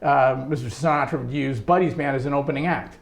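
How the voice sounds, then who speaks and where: A man being interviewed, telling a long anecdote about his music career in a lively way, laughing often. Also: medium pitch, fast talker, creaky. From United States. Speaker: interview guest, trombonist. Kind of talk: storytelling in casual interview.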